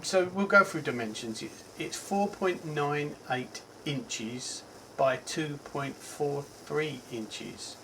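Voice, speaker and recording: A man's voice: on the high side, sharp tone, slight background noise, low-quality recording. A man with a Cockney accent giving a casual, rambling product review, chatty and full of ums and self-corrections. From England. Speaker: tech reviewer.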